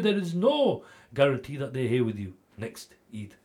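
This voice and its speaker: A man speaking on a TV charity appeal at a mid-range pitch. He tells his story with great passion, sometimes pressing loudly and sometimes dropping to a hush. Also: very animated, moderate pace. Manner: swings between loud urging and hushed storytelling. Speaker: charity fundraiser. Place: TV studio.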